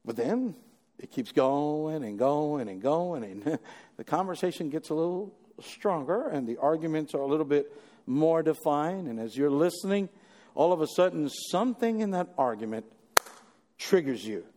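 A man preaching a sermon, animated, using rhetorical questions and building to emphatic peaks. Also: fairly high pitch, normal speed. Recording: long echoey hall reverb.

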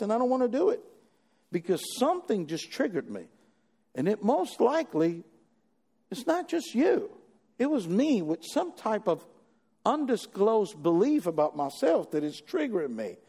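Animated preacher man in an echoing hall. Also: high voice, creaky, breathy edge. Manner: animated, building to emphatic peaks, rhetorical questions. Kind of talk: sermon. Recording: long echoey hall reverb.

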